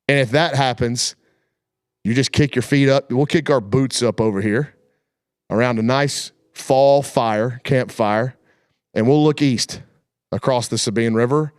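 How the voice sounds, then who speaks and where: Folksy guy hosting a sports chat show, mid-pitched voice, really dry close sound. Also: a little slow, dry recording. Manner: folksy, colloquial storyteller. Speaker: sports talk show host. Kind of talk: casual chat.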